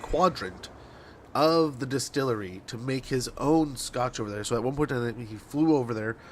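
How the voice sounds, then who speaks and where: A man's voice: medium pitch, animated, normal speed, slight background noise. A man in his thirties, a game streamer, telling a long rambling story with many restarts. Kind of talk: casual storytelling chat.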